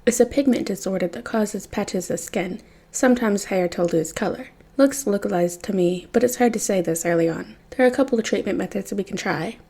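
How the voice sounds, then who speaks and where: A woman's voice: medium pitch, fairly quick, dark tone, husky. A woman voicing a young female doctor who explains plainly and matter-of-factly. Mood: explaining.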